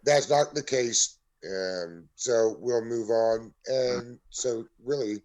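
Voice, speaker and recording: Measured, matter-of-fact man. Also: mid-range voice, darkish tone. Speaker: podcast guest. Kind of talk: casual sports podcast chat.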